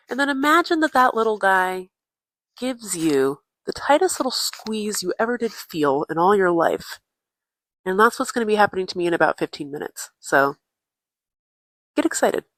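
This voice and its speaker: A woman's voice: medium pitch, animated, moderate pace, a bit bright. A woman in a mid-range voice keeps a casual travel audio diary, full of playful jokes and mock-serious asides. She talks close into a tiny clip-on microphone, and the sound is dry with almost no room echo. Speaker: podcast co-host. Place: indoors at a relative's family home. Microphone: tiny clip-on influencer microphone.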